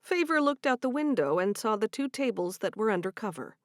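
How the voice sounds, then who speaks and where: A woman narrating a sweet romance audiobook in a gentle, measured way. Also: mid-range voice, very animated, no echo, clean studio sound. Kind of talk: scripted narration.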